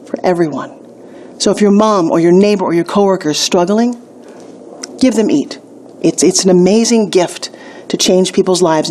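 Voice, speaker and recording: A middle-aged woman giving a motivational video lesson on a weight-loss course, upbeat and emphatic, telling stories with quick asides. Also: on the low side, warm tone, a little hiss or hum.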